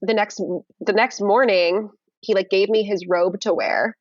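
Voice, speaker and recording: A young woman telling a dating story in casual conversation on a video call, animated and full of fillers. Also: medium pitch, measured pace, no echo, dull audio. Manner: animated, many fillers and restarts. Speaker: guest.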